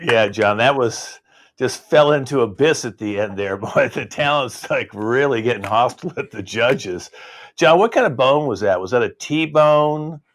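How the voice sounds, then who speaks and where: A man's voice: mid-range voice, expressive, normal speed, a bit bright. A man with an ordinary mid-range voice co-hosts a virtual improv show. He banters and teases in a loose, joking way. He comes through on a video call. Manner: playful, teasing banter with a co-host. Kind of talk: casual joking emceeing.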